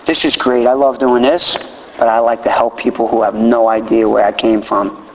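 A man's voice: medium pitch, normal speed, slight background noise. A man in his fifties speaking candidly and earnestly at a recovery meeting, sometimes acting out quotes in a raised voice. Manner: animated, acts out quotes in a raised voice. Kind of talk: recovery share talk. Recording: roomy hall, dull lo-fi audio.

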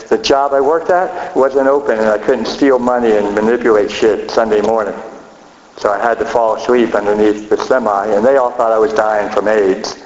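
A man's voice: medium pitch, slight background noise. A middle-aged man giving a blunt, profane, self-mocking personal recovery share at a meeting. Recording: echoey hall, dull lo-fi sound.

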